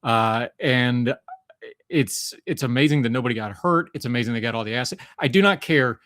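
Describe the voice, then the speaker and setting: An American man talks through a live-stream commentary in a blunt, opinionated way, dropping fillers and restarting sentences as he goes. His voice sits at a middling pitch, and the sound is dry and close. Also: moderate pace, a bit bright, no room sound. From United States. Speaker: political commentator.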